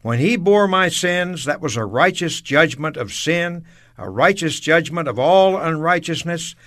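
A man's voice: a little high, pushed and bright. A man co-hosting a religious radio discussion, speaking earnestly and affirming what was said. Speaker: co-host.

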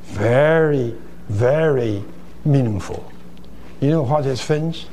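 Slow, gravelly male preacher. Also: medium pitch, warm tone, a little hiss or hum. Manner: slow, deliberate, asks and answers his own questions. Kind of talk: sermon.

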